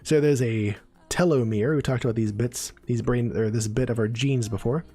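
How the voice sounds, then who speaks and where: A man with a warm, husky, mid-range voice teaches neuroscience casually on a live stream at a normal pace. He's chatty, explaining terms as he goes and checking in with viewers with frequent "right?" and "okay?"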